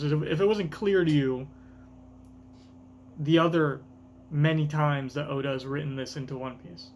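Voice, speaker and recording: A man's voice: fairly high pitch, moderate pace, long pauses, a little hiss or hum. Rambling young man reacting to a manga. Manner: rambling, thinking aloud with many fillers. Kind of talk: casual reaction commentary.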